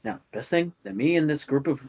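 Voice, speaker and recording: A man voicing a father in a tabletop game who reassures his son in quick, hushed words. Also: mid-range voice, husky, lightly acted. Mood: reassuring.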